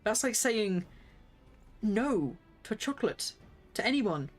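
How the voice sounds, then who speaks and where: A young woman chats her way through a game stream, bouncing between casual rambling and sudden excited squeals. Her voice sits at an ordinary middle pitch, close on a desk mic. Faint game music plays underneath. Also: slow pace. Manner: excitable, jumps into squeals and gasps. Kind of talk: casual game livestream chat.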